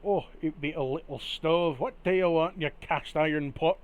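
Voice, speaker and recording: A man voicing a gruff pirate leader who mocks and bosses others. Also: fairly high pitch, moderate pace, lightly acted. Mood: mocking.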